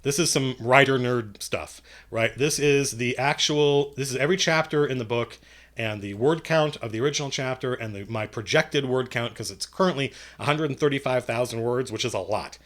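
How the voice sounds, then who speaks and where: A man's voice: medium pitch, moderate pace, fairly bright tone. A man who runs tabletop games, answering viewer questions in a casual livestream. He rambles, corrects himself and makes dry jokes. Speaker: game master and writer answering viewer questions.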